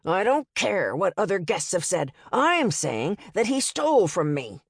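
A woman voicing a loud, angry middle-aged male motel guest who shouts through clenched teeth. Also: lowish voice, big pitch swings, unhurried, gravelly, breathy edge, no room sound, studio quality, full character voice. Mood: demanding.

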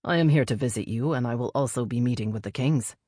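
A woman's voice: rumbling low, fast talker, warm tone, slightly rough, no echo, clean studio sound. A woman voicing a blunt, mocking young male elf prince who trades insults. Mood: plain.

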